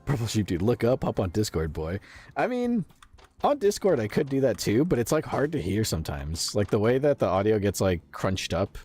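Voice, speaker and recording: Deep-voiced chatty American male streamer. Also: animated, fairly quick, hardly any pauses, a little mellow, breathy edge, soft background music. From United States. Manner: chatty, laughs often, swears casually, reads out chat. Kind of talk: casual live gameplay commentary.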